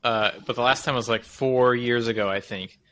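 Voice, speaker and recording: A man co-hosting a casual tech podcast. His voice has a bright, pushing edge. He rambles through explanations and corrects himself mid-sentence. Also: mid-range voice, steady tone, moderate pace. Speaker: podcast co-host.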